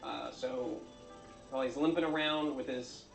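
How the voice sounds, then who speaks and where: A man narrating his own craft video in a dry, deadpan comic way, with frequent filler sounds. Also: medium pitch, moderate pace, creaky, reverberant, faint music behind, low-quality recording.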